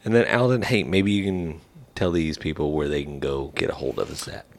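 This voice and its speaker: A man's voice: extremely low pitch, a little fast, gravelly. A man co-hosting a casual podcast, joking around and wrapping up the show with laid-back banter. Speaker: podcast co-host.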